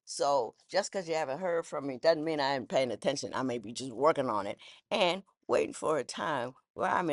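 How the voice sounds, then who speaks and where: In a rumbling low voice, a woman who once served as a judge talks candidly through her thoughts. The studio-quality recording has no room sound, and her folksy monologue rambles with restarts.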